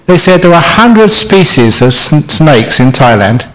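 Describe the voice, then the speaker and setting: A man's voice: a little high, very animated, unhurried, fairly bright tone, poor audio. A man giving a humorous Buddhist talk as a monk teacher, telling stories playfully with self-mocking humour.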